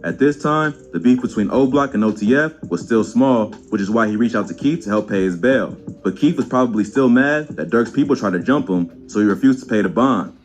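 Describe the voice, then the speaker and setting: A man reading a scripted documentary narration in an even, measured way. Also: medium pitch.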